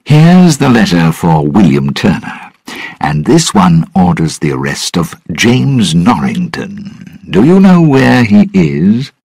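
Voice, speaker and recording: Smug scheming lord, man reading it, clipped and cold, gravelly low voice, storybook. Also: wildly swooping pitch, slow pace, darkish tone, no room sound, studio quality, exaggerated voice. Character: cold scheming male lord, officer of the crown.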